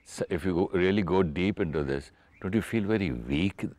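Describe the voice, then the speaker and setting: A man's voice: sits low, normal speed, a little mellow, no room sound. A man hosting a conversational interview, asking questions and thinking aloud with hesitations. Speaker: talk show host.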